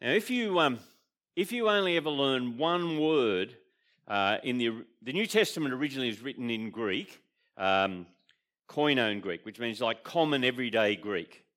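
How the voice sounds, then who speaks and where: A man's voice: mid-range voice, animated, moderate pace, fairly bright tone. A man preaching a sermon with an Australian accent, explaining in a conversational way and often asking the congregation questions. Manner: explains terms with fillers and restarts. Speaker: pastor.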